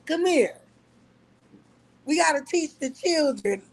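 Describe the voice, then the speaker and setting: A woman's high, slightly breathy voice comes through a low-quality recording as she speaks to her phone on a casual livestream. At a measured pace, she mocks and trash-talks someone, breaking into laughter in bursts.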